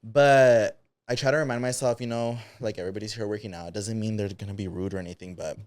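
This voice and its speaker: A man's voice: lowish voice, fast, no echo, studio quality. A man co-hosting a podcast, chatting casually, joking and talking with many fillers. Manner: animated, jokey, hesitant with many fillers. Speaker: podcast co-host. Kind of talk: casual chat.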